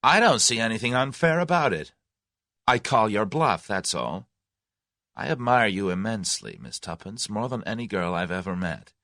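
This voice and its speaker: A brash young man with breezy, direct, folksy talk, as a man voices him for an audiobook. The voice sits low and moves with lively swings, recorded close and dry. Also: normal speed, dry recording.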